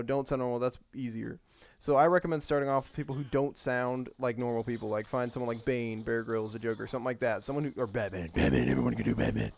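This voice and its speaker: A man's voice: medium pitch, a little mellow, dry recording. A man giving rambling, filler-heavy casual commentary over gameplay as a gaming YouTuber. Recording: slightly muffled lo-fi mic.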